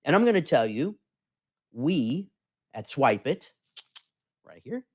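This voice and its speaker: A man hosting a business show, pitching directly to the viewer in an animated way and acting out confused customers. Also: slow pace, husky. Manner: animated, talks to the viewer, acts out customers' questions. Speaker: host. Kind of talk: energetic sales pitch to camera.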